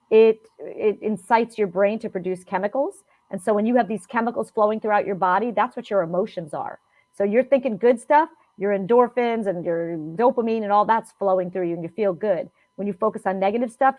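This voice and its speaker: A woman guest in a podcast interview, explaining her views in an earnest, steady way. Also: mid-range voice, no echo. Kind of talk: interview answers. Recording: tinny phone-line audio, dry.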